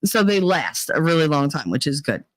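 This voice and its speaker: Brief: chatty middle-aged woman, lively storyteller, dry close-up sound. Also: deep voice, normal speed, no room sound, rough recording. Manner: animated storytelling, acting out quotes. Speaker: vlogger. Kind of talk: casual monologue vlog.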